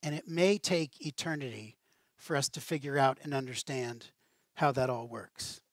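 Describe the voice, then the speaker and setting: A man preaching a sermon as pastor, with a conversational, animated style and casual asides. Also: medium pitch, normal speed, no room sound.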